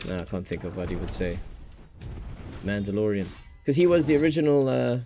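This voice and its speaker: A man's voice: on the low side, very animated, fairly quick, pauses often, warm tone, soft background music. A man with a New Zealand accent hosting a casual gaming livestream, rambling and joking as he talks and laughs often.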